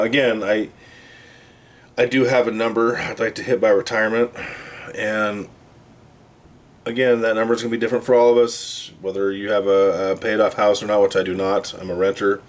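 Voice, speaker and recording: Blunt middle-aged guy chatting to camera, voice on the low side. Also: fairly even intonation, a little fast. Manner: blunt, plainspoken, slightly profane. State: hiccups. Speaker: channel host. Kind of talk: casual talk to camera.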